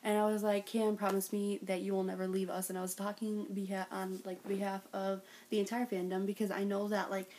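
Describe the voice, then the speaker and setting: A woman's voice: medium pitch, little pitch movement, fairly quick, few pauses, a little mellow, slight background noise. A young woman telling a fan meet-and-greet story in a vlog, gushing and breathless, full of "like" and "oh my God". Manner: bursts into giggles when retelling. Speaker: vlogger.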